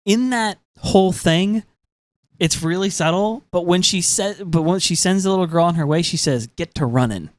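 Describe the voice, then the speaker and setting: Animated man, higher-pitched, emphatic. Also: moderate pace, no echo. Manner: emphatic, animated, frequent filler words. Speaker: podcast co-host. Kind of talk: casual chat.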